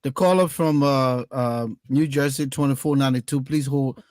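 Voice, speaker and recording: Man, host, call-in show, firm quick interjections, middle pitch. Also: steady tone, a little mellow, no echo, studio quality.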